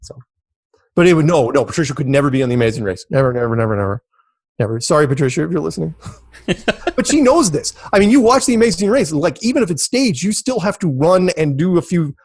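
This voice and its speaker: A man's voice: fairly high pitch, fast talker, husky, dry recording, studio quality. A man telling stories as an interview guest, rambling and repeating himself, acting out what others said. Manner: rambling, repeats words, animated quoting of others. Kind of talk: casual storytelling in an interview.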